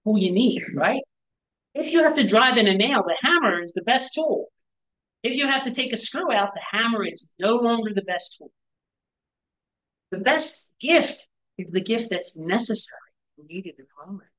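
A man's voice: high-pitched, lively intonation, normal speed, sharp tone, poor audio. A male pastor giving a conversational sermon to a small church group, full of rhetorical questions and asides. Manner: rhetorical questions, frequent "right?" and "you know". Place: church gathering.

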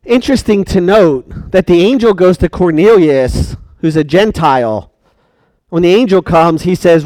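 A man's voice: high-pitched, animated, normal speed, darkish tone, no room sound. A man preaching a sermon, emphatic and questioning his congregation.

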